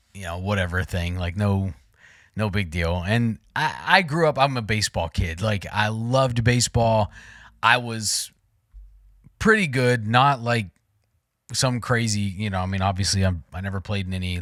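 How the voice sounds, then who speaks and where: A man in his forties, a podcast co-host, telling a long personal story in casual chat, rambling and excitable with many fillers and restarts. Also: medium pitch, no room sound, clean studio sound. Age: 40s.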